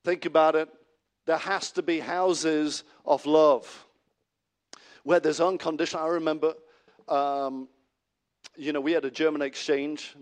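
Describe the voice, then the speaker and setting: A middle-aged pastor delivers a sermon in a fairly high-pitched voice. He's animated, swinging between loud exclamations and soft asides, and restarts often.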